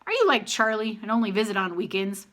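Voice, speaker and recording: Fond old grandfather, slow and sing-song, lively pitch, as a woman reads him.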